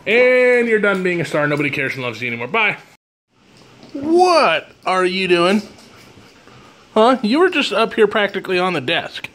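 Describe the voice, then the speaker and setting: A man's voice: high-pitched, sing-song, moderate pace, fairly bright tone. Playful man teasing his dog. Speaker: vlogger. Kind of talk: casual talk to a pet. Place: home room with dogs around.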